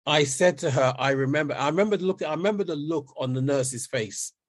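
Steady man, dry close sound. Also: fairly high pitch, fairly quick, no room sound. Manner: steady, checks in with "right?". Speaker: podcast guest. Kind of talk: conversational storytelling.

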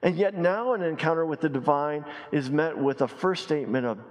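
A male pastor delivers a sermon with a slightly raised pitch and an emphatic, repetitive way of hammering key phrases. He often slows down and sinks low to stress a point. The voice rings with the long reverb of a large church sanctuary.

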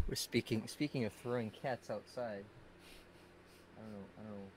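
A man's voice: on the low side, a little hiss or hum. A man co-hosting a stream, joking and repeating words in casual chat. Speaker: stream co-host.

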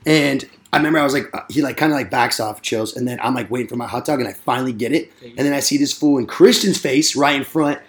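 Fast-talking, profane man telling a story. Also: medium pitch. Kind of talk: casual storytelling among friends.

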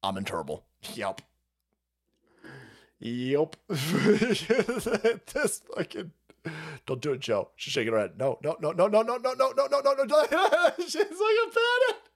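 A man's voice: high-pitched, sing-song, takes it slowly. A man hosting a live stream, reacting to news clips with mocking, profane commentary and frequent laughter. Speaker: stream host.

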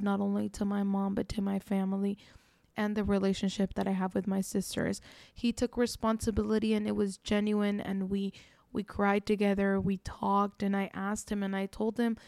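With vocal fry and a darkish tone at medium pitch, a twenty-something podcast host recounts a personal story in a dry recording. She is earnest and reflective, leaning often on "like" and "you know."

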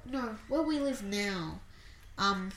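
A woman's voice: medium pitch, animated, slow pace, fairly bright tone, slight background noise. A woman co-hosting a podcast, telling stories in a rambling, casual way. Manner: rambling, lots of fillers and restarts. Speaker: podcast co-host. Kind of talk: casual chat. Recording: echoey home room.

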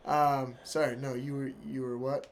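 A man's voice: mid-range voice, little pitch movement, normal speed. A young man with a sore throat co-hosting a casual chat, laughing often and joking loosely.

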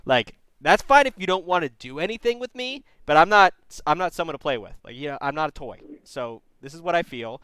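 Blunt, swearing advice show host. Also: male voice, a little high, animated, a little fast, few pauses, fairly bright tone, clear, resonant tone, dry recording. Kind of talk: casual call-in advice.

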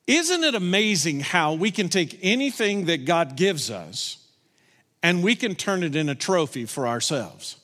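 A male pastor delivering a sermon with a bright, forceful tone and a slightly raised pitch. He slows down and leans in on spoken prayers. His voice rings with the long reverb of a large church hall. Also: very animated. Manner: preaching with slowed, emphatic prayer lines.

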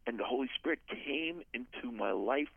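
A man's voice: mid-range voice, lively intonation, normal speed, vocal fry, breathy edge, dry recording. An older man from the USA, a guest author telling his personal testimony in an earnest, storytelling way. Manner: earnest storyteller, acts out quoted voices. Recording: phone-line audio.

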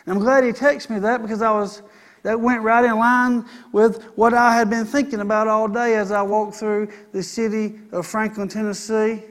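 A middle-aged pastor delivers a sermon, calling out to the congregation for an "Amen" in call-and-response fashion. His voice sits high with a level tone and a normal speed.

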